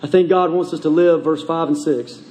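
Speaking at a moderate pace with fairly even intonation, this pastor has a fairly high, slightly mellow voice. He keeps pressing the congregation with urgent questions, repeating them, and the church sanctuary echoes with a long, large-hall reverb.

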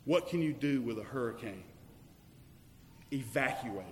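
A man's voice: mid-range voice, animated, a little slow, slight background noise. Man preaching in an echoey hall. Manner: dynamic, swings from loud declarations to hushed questions. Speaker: pastor. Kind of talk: sermon. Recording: echoey hall with long reverb.

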